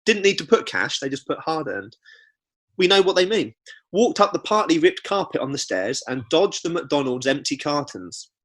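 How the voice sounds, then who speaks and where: A young man with a bright, clear tone and a somewhat high voice co-hosts a comedy podcast. He chats casually and reads reviews out loud, breaking off for quick joking asides. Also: very animated. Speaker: podcast co-host.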